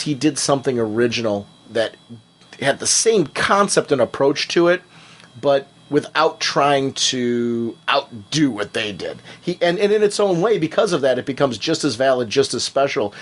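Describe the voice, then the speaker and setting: A man in casual podcast chat with a husky, slightly breathy voice. His pitch moves in wide, animated swings as he drives his points home with conviction. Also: normal speed. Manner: emphatic, recommending with conviction. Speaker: podcast co-host.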